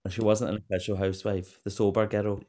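A young man chatting casually as a podcast guest, rambling and gushing with quick asides and self-interruptions. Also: lowish voice, little pitch movement, mellow. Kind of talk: casual chat.

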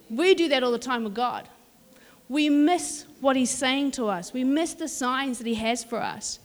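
A fairly high-voiced woman who preaches in a lively, conversational storytelling manner. Her voice carries a long reverb from a large hall. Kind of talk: sermon with storytelling.

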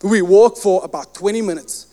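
High, smooth-voiced male preacher. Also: normal speed, in a large hall. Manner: animated storyteller who acts out quoted dialogue. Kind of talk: sermon with personal storytelling.

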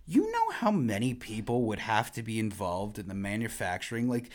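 A man's voice: fairly low pitch, big pitch swings, moderate pace. A man co-hosting a podcast in casual chat, easygoing and thinking aloud. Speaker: podcast co-host.

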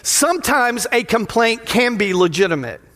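A man pastor preaching a lively, playful sermon in a church sanctuary, often putting questions to the crowd. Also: extremely high pitch, moderate pace. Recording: long hall reverb of a sanctuary.

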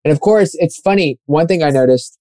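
A man's voice: on the high side, brisk, mellow, dry recording. A young man telling a running story in a casual, rambling chat, full of fillers and acted-out quotes. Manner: rambling, filler-heavy, acts out quoted voices.

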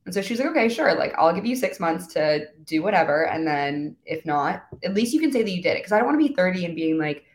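A young woman in her twenties chats as a podcast guest, her voice sitting a little low. She keeps acting out little quoted exchanges and scatters fillers everywhere. Her voice carries a noticeable room echo. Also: quick pace, few pauses. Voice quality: valley-girl filler talk, animated quoting. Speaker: guest influencer. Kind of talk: casual chat.

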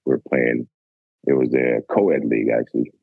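Brief: Canadian man, 40s, very low husky voice, rambling laid-back storyteller, thin phone-like sound. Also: fairly even intonation, normal speed, no room sound. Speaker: guest, former basketball player. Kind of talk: casual storytelling. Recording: dry, phone-like narrow sound.

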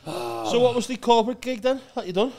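A man's voice: very high-pitched, brisk, a little mellow. A man co-hosting a comedy podcast, casually asking one follow-up question after another. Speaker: podcast co-host.

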